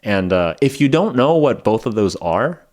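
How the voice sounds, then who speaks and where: With a mid-range, sing-song voice that's a little mellow and moves at normal speed, a podcast host living in Japan teaches English. The casual spoken lesson rambles, packed with fillers, and he often laughs at himself.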